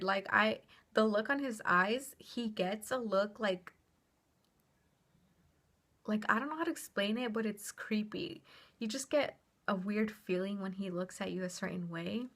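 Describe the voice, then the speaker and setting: A young woman telling a personal story on her vlog in a chatty, animated way, with lots of "like" and casual swearing. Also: medium pitch.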